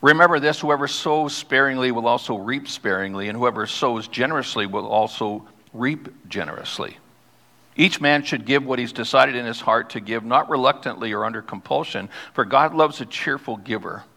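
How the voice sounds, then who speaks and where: A man preaching a sermon as pastor, reading scripture aloud and slowing down to stress key words. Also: mid-range voice, gravelly, pushed and bright. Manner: reads scripture aloud, then explains it. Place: church sanctuary. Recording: long hall reverb.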